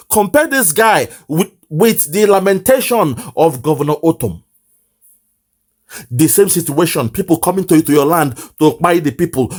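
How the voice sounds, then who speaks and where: Nigerian guy ranting online, kinda high voice that jumps all over, keeps repeating himself. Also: darkish tone, husky. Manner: lamenting, repetitive, emphatic. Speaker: online commentator. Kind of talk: impassioned political commentary.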